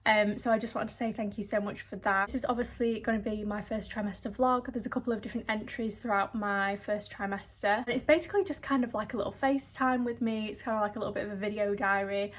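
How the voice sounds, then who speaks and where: A woman's voice: mid-range voice, steady tone, quick pace, few pauses. Bubbly young woman vlogger. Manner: bubbly and gushing, often laughing. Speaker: lifestyle vlogger. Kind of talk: chatty video diary to camera.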